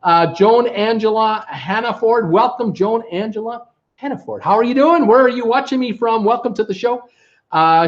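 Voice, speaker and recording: A man's voice: high-pitched, normal speed, muffled recording. A man from Ontario, Canada, hosting a casual live stream and greeting viewers in the chat, upbeat and full of fillers. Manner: chatty, upbeat, many fillers. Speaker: livestream host reading viewer chat. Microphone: webcam setup at home.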